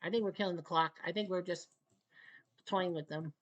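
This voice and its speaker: A woman casually commentating over a hockey video game she is playing, joking and cheering loudly for her team. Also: on the low side, normal speed, poor audio. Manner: excitable, jokey, calls the play and cheers for her team. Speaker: gaming channel host.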